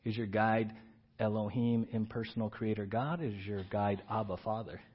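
A middle-aged man preaching a sermon, telling a story and acting out shouted commands with rising pitch and volume. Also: fairly even intonation, moderate pace, husky. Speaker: pastor. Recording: dull, slightly lo-fi church audio.

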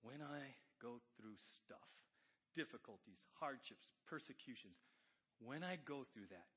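A middle-aged man preaching a sermon, shifting between loud, emphatic reading and hushed, close asides. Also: medium pitch, animated, measured pace, breathy edge, highs cut off. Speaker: pastor.

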